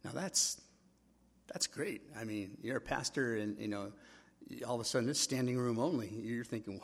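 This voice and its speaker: A middle-aged man with a husky voice, preaching a sermon in a conversational way, telling stories and acting out quotes. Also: mid-range voice, normal speed. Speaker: pastor.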